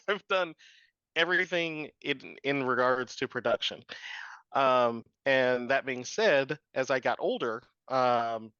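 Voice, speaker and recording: Interview guest, man in his 30s, chatty and rambling, sharp-toned voice on a muffled, dry recording. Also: mid-range voice, slow pace, clear, resonant tone, no room sound. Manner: rambling, frequent fillers and laughs. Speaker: guest, drone business owner. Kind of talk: casual interview storytelling.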